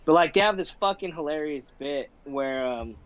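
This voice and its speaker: A man's voice: on the high side, moderate pace. A young man in casual chat, telling stories full of "like" and swearing, laughing often. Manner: profane, laughing, animated storyteller with filler "like". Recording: dull lo-fi sound.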